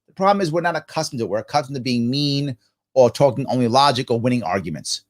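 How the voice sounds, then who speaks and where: Man hosting a live q&a stream, talks all over the place pitch-wise, asks himself questions then answers em. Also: fast talker. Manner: animated, preachy, rhetorical questions answered himself; acts out both sides of imagined conversations. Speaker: livestream show host. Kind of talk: live ask-me-anything talk.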